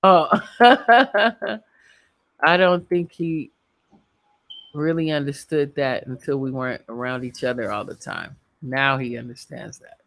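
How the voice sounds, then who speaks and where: Middle-aged woman, livestream host; chatty and rambling, with a gravelly edge. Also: rumbling low, slow pace, pauses often, a bit bright. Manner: chatty, rambling, laughs often. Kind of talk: casual livestream chat.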